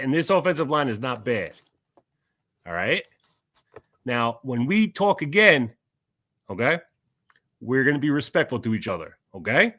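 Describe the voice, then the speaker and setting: A man's voice: fairly high pitch, fairly bright tone, dry recording, studio quality. Stern, lecturing middle-aged man. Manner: stern, lecturing, repeats "okay?". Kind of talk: heated casual chat.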